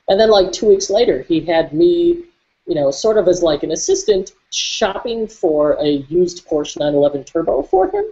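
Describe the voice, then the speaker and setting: A man's voice: on the high side, sing-song, moderate pace, warm tone, dull audio. A man guesting on a podcast interview, telling his story candidly and reflectively, with frequent fillers and restarts.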